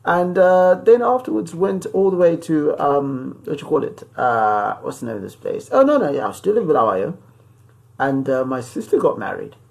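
A man hosting his podcast, talking loosely and rambling, with frequent pauses and restarts. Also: fairly high pitch, very animated, gravelly, darkish tone. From Zimbabwe. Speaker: podcast host. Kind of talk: casual podcast monologue.

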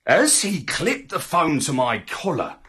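A man narrating a children's story in an expressive, theatrical way. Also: a little high, unhurried, breathy edge. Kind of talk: scripted narration.

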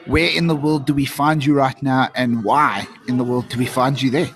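A man's voice: mid-range voice, steady tone, normal speed, a bit bright. A man with a South African accent, co-hosting a podcast in a chatty, jokey, upbeat way from a coffee shop. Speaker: podcast co-host. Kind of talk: casual chat. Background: music.

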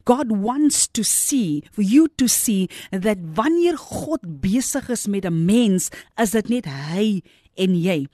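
A woman's voice: mid-range voice, expressive, takes it slowly, dark tone, dry recording, clean studio sound. A woman pastor with a South African accent preaching and praying over listeners on a radio program, fervent and full of repeated declarations.

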